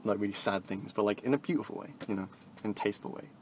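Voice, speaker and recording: A young man vlogging into his phone in a free-flowing motivational ramble. He swears a lot and swings from soft mumbles to loud, half-sung bursts. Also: fairly low pitch, racing, a little hiss or hum. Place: moving vehicle, talking to a phone.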